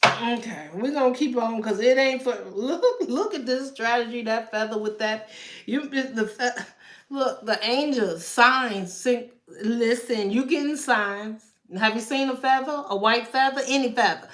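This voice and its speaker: High-voiced, unhurried woman reading tarot. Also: fairly bright tone, echoey room. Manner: chatty, laughs often, talks to viewers as y'all. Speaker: tarot reader.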